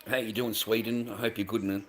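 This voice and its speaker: An Australian man ranting on a casual livestream. He swears constantly, tags "mate" onto nearly every line, and swings between low mumbles and loud, heated outbursts. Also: little pitch movement, a little fast.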